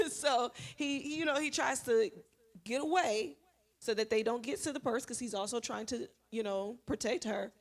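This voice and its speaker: A woman teacher gives an earnest, animated testimony at a church Bible study, telling a story in a conversational way. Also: on the high side, normal speed. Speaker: schoolteacher sharing at a Bible study.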